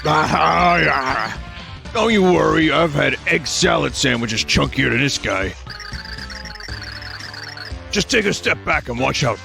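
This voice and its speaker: A man voicing a swaggering, gruff male monster king with a brash, cocky manner. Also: a little high, animated, takes it slowly, pauses often, over music, heavily acted. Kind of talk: reading game dialogue aloud.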